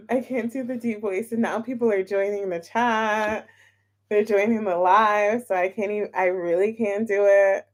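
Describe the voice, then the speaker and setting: A woman's voice: medium pitch, fairly even intonation, unhurried. A woman hosting a tarot livestream, chatting casually and giggling as she greets viewers by name.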